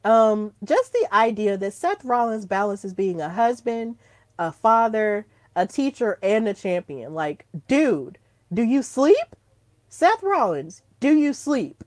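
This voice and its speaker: A woman hosting her own podcast in casual solo chat, gushing and excitable, breaking into squeals when thrilled. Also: fairly high pitch, slow, dry recording. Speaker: podcast host.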